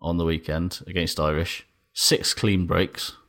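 A man's voice: sits low, fairly even intonation, unhurried, fairly bright tone. A man co-hosting a podcast in casual chat, talking emphatically and enthusiastically, with plenty of swearing. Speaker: podcast co-host.

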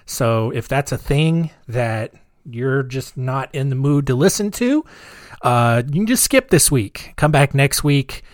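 Male host in his thirties, chatty and sardonic, very expressive pitch, dry booth sound. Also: measured pace, no room sound. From United States. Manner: rambling, chatty, dark sarcastic humor. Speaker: podcast host. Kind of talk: casual podcast monologue.

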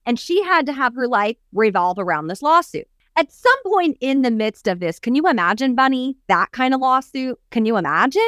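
A woman's voice: a little high, moderate pace, no echo, studio quality. A woman co-hosting a coaching podcast, telling a story expressively and acting out the quoted voices. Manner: expressive, acts out quoted voices, emphatic lists. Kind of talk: animated storytelling chat.

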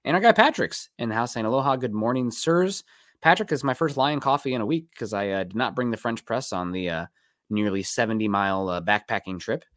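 Fast-talking man hosting a sports podcast. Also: medium pitch, a bit bright, no echo, clean studio sound. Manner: loose, rambling, thanks listeners by name. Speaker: podcast host. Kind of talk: casual sports podcast chat.

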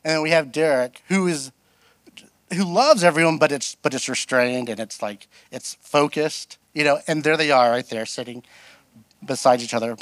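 A man's voice: fairly high pitch, moderate pace, dry recording. A middle-aged man preaching as a guest pastor, telling funny personal stories and acting out other people's voices. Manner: animated, self-deprecating, acts out quoted voices. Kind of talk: storytelling sermon.

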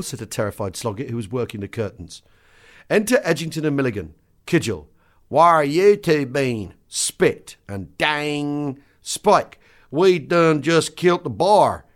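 A man hosting a podcast, reading a book extract aloud with lively swings in pitch and loudness.

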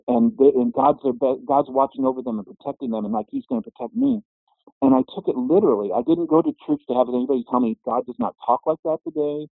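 Raspy man telling his life story. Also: dry recording. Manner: earnest, rising in pitch when emotional. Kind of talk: personal testimony storytelling. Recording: muffled phone-like audio.

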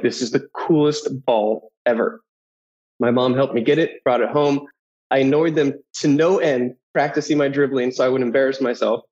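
A man in his thirties, a guest telling personal stories in an animated way, who often acts out the voices of people in his anecdotes. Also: medium pitch. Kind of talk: personal storytelling. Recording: dull lo-fi audio.

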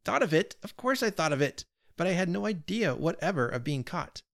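A man's voice: fairly high pitch, sing-song, brisk, vocal fry, fairly bright tone, pitched above the performer's own voice, full character voice. A man reading aloud, voicing a talkative, earnest male burglar who pleads and explains himself with odd cheer. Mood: pleading. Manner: earnest, pleading, lightly pompous.

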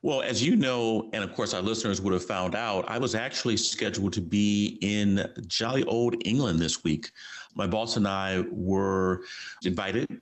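A man with a fairly low voice co-hosting a podcast. He chats easily with his co-host, then settles into long, relaxed explanations as he recaps a news story. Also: moderate pace. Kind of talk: casual chat, reading a news story.

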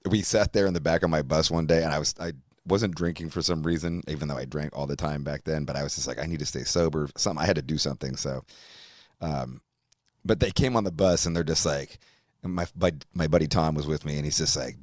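Deep voiced guy, swears a ton, animated storytelling, dry close mic. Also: brisk, no echo. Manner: animated, profane, laughing storyteller. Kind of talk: casual chat, storytelling.

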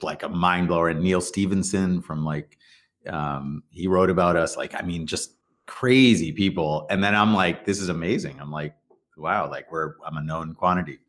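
A middle-aged man, a startup founder, telling stories in a casual interview, rambling with restarts and acting out quoted dialogue. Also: low-pitched. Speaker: startup founder and CEO guest.

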